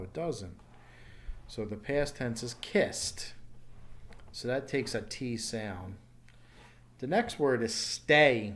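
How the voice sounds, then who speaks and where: A man teaching English pronunciation in a recorded online lesson, slowly repeating each word clearly and patiently. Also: mid-range voice, a little hiss or hum. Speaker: ESL teacher.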